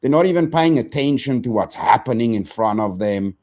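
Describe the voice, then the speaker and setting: Ranting young man streamer, lively pitch. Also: a little fast. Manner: ranty, profane, keeps saying bro and dude. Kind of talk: ranting live stream chat.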